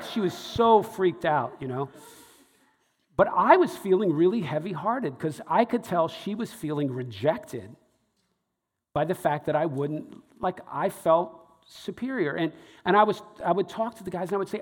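A man's voice: high-pitched, animated, moderate pace, big-room sound. A man, a stage show producer, telling a rambling live anecdote to a crowd with many fillers and restarts.

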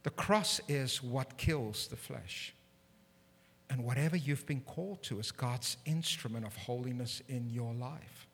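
A man preaching a sermon in a church, animated and humorous with self-deprecating asides, building to loud emphatic peaks. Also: mid-range voice, unhurried, creaky, husky. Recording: long hall reverb.

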